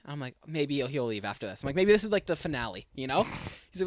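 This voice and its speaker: A young man on a podcast telling a long story, animated and acting out both sides of the conversation. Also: a little high, fast talker, no echo, clean studio sound. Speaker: podcast co-host. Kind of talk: casual storytelling.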